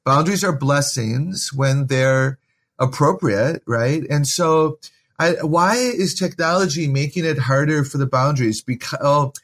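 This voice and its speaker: A man's voice: a little high, a little slow, fairly bright tone. A man speaking as a guest author in a podcast interview, giving earnest, encouraging parenting advice in a preacherly way.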